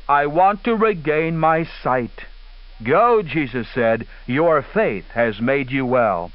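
A man delivers a radio sermon with earnest emphasis, letting his voice leap up and drop low as he stresses key words. His pitch sits a little high for a man. The sound is dull and lo-fi, like an old broadcast. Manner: earnest, emphatic preaching with dramatic pauses. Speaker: radio preacher.

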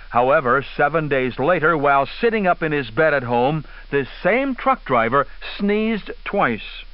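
A man preaching a radio sermon in an earnest, emphatic way with dramatic pauses. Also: fairly high pitch. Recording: dull lo-fi radio broadcast.

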